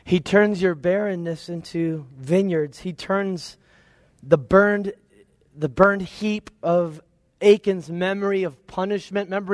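A man preaching a sermon in a conversational, lively way, with playful asides and quoted voices. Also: high voice, dry recording, clean studio sound.

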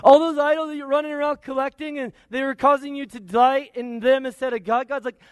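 A man preaching a sermon in a conversational, lively way, with playful asides and quoted voices. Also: very high voice, fast talker, few pauses, no room sound, clean studio sound.

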